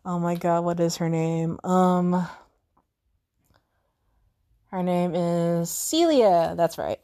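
A woman's voice: lowish voice, slow pace, warm tone. A young woman hosting a podcast on her own, chatting casually and rambling with many fillers and self-corrections. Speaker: podcast host. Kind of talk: casual solo chat.

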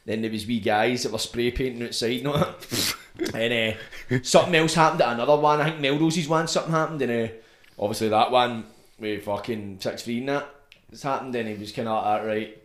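A Scottish man hosting a podcast, telling stories in a sweary, slangy, animated way. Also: medium pitch, fairly quick. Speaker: podcast host. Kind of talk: casual chat. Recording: roomy echo.

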